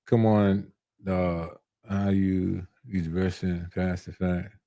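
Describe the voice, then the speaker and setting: Deep, dark-voiced man chatting casually. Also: creaky, no room sound, studio quality. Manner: laid-back, conversational, slangy, repeats himself. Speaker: barber product reviewer hosting a live stream. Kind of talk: casual live-stream chat reading viewer comments.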